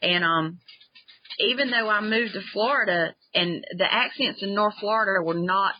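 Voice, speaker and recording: A woman's voice: mid-range voice, moderate pace. A middle-aged woman with a thick Southern accent from upstate South Carolina, a baker and cookbook author telling folksy stories in a casual interview. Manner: folksy, chatty storyteller. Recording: muffled lo-fi line.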